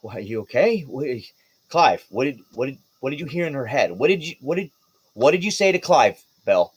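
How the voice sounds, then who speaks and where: A man voicing a fatherly, protective male companion in a tabletop game, asking halting, concerned questions. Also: mid-range voice, big pitch swings, husky. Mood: worried.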